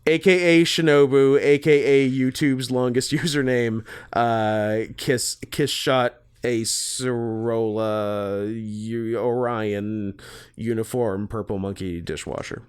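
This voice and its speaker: A man's voice: medium pitch, fairly even intonation, takes it slowly, clear, resonant tone. A man hosts a casual podcast chat. He rambles and jokes, laughing often between thoughts. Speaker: podcast host.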